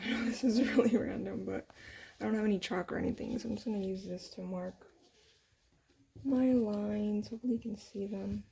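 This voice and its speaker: Chatty young woman with a gravelly voice. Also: mid-range voice, mellow, a little hiss or hum. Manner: chatty, self-deprecating, laughs at herself. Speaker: sewing tutorial host. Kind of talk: casual step-by-step sewing demo. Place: home sewing room.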